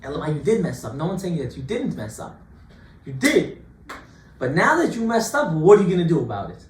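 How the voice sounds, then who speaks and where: A man, a rabbi, giving an informal Torah class to students, lively and joking, full of rhetorical questions. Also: fairly high pitch, a little fast. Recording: echoey room, distant mic, faint hiss.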